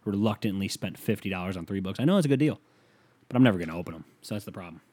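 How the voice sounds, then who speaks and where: A young male podcast host rants solo from his bedroom, swearing heavily and rambling, sounding profane and exasperated as he leans on the mic. The voice sits low with a darkish tone, expressive and rapid-fire. The recording is dry.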